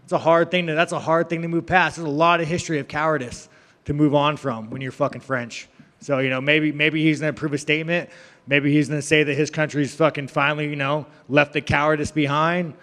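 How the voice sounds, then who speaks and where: A brash, foul-mouthed man answers reporters with rambling jokes. His voice sits a little high. The sound carries a long echo from a large room. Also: little pitch movement, a little fast, a bit bright. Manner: brash, profane, rambling, joking. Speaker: fighter at a press event. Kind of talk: media scrum answers.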